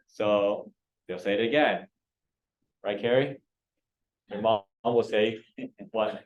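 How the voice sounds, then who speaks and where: Man coaching a class, low muffled voice. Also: slow pace, long pauses. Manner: coaxing, quizzes the class. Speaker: real estate trainer. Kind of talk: classroom training talk. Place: training room.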